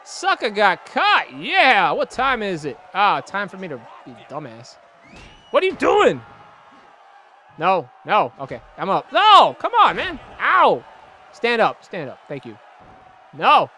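Excitable man yelling over a wrestling game. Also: sits high, measured pace, some chatter behind, slight background noise. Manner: excitable, yelling and groaning at the game, cursing, trash-talking. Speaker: gameplay commentator. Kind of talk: let's play commentary.

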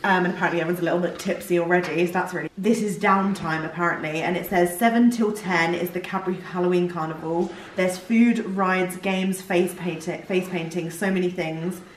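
A woman's voice: lowish voice, brisk, hardly any pauses, slight background noise, rough recording. A young woman, vlogging on a handheld camera from inside a large holiday lodge. She is gushing and giddy, laughing often. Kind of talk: excited casual vlog.

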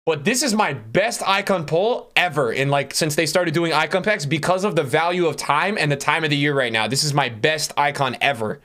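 A male streamer giving live-stream commentary to his chat, excitable and swinging between hype and letdown with plenty of fillers. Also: fairly high pitch, a little fast, hardly any pauses. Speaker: streamer opening game packs.

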